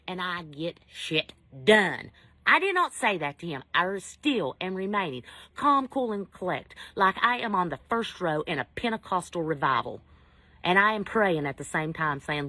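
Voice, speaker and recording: Middle-aged woman with a lowish voice, comic rant storyteller, swings from hushed to loud. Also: poor audio. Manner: animated, swings from hushed asides to loud outbursts. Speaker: vlogger.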